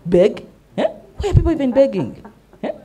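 A woman's voice: high-pitched, sing-song, fairly quick, warm tone. A middle-aged woman with a Ugandan accent hosts a talk show, speaking emphatically and often asking "eh?" as she switches between English and Luganda. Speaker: host and mentor. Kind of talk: animated talk show monologue.

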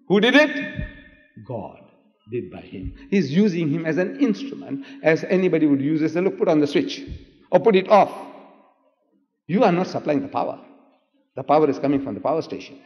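An older man, preaching in an impassioned lecture that swings from loud emphatic cries to hushed asides. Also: fairly high pitch, very animated, brisk, long pauses. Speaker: Islamic preacher in debate. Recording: echoey hall, dull old lecture tape.

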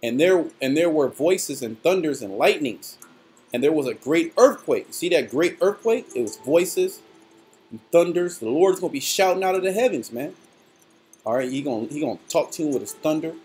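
A man preaching fiery and emphatic sermons in rough, blunt language, stopping to read scripture aloud. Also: fairly high pitch, expressive, moderate pace, darkish tone, soft background music.

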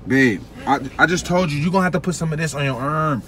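A man's voice: on the high side, quick pace, a loud crowd. A young man, alarmed and pleading with his girlfriend, swearing often. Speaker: boyfriend being pranked. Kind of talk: casual prank reaction.

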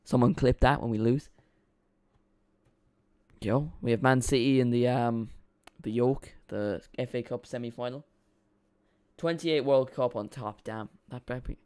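A young man hosting a live football stream. His voice is smooth and resonant, with a middle pitch. He rambles through excitable banter with his viewers. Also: unhurried, long pauses. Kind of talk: live football watch-along chat.

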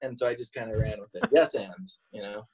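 A man's voice: lowish voice, fairly even intonation, fast talker, a little mellow, breathy edge, rough recording. Joking, self-mocking man telling stories. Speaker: podcast guest. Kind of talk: casual interview chat.

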